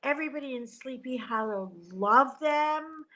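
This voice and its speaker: A middle-aged woman chatting casually on a livestream from a hotel room, animated, joking and gasping as she talks into a tablet. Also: high voice, moderate pace, rough recording. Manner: chatty and animated, jokes and gasps. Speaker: livestream host. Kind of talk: casual live chat. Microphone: tablet camera.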